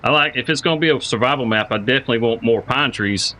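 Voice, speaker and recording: A man's voice: mid-range voice, fast talker, bright, forceful tone, low-quality recording. A man streaming a farming game live, chatting casually with viewers, greeting them by name and thinking aloud with lots of repeated words. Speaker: livestreamer playing a farming game.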